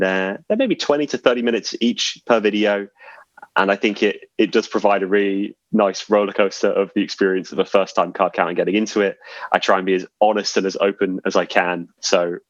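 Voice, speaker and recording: A man's voice: lowish voice, no room sound, lo-fi sound. A man, a podcast guest telling stories in a chatty, self-deprecating way. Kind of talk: casual storytelling chat.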